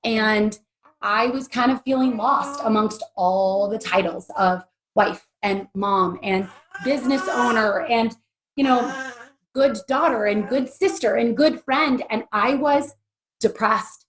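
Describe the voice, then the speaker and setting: A woman's voice: mid-range voice, measured pace, a crowd in the background. A woman in her forties, an interview guest telling a candid personal story in an earnest, emotional, chatty way with many fillers. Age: 40s.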